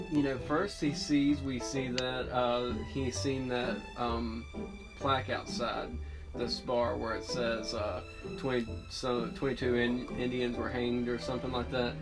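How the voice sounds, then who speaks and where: Rambling man recapping over guitar music. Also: medium pitch. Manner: rambling, filler-heavy, self-correcting. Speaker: TV show reviewer. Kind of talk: casual spoken episode recap.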